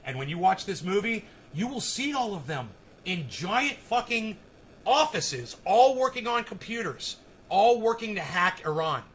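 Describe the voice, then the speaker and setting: Profane high-voiced man ranting on stream. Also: sing-song, measured pace, slight background noise, rough recording. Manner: profane, shouts angrily at chat commenters. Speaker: live streamer. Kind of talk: ranting live stream commentary. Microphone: phone.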